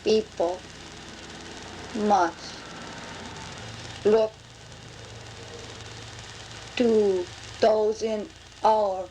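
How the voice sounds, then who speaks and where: A woman voicing a spirit entity that speaks through a medium in slow, halting, broken phrases. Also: mid-range voice, fairly even intonation, mellow, slight background noise, pitched above the performer's own voice, low-quality recording. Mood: ominous.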